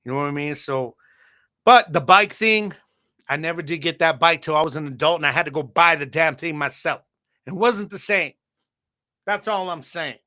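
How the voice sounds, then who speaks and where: A man's voice: on the high side, normal speed. A man hosting a podcast, telling a childhood story in a casual, slangy way and talking straight to his listeners. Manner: animated, slangy, addresses audience directly. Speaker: podcast host.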